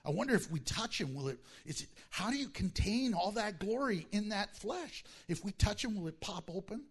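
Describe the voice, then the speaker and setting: Male pastor, high voice, swooping delivery, sermon with acted-out asides. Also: moderate pace, breathy edge. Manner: animated, acts out disciples' voices.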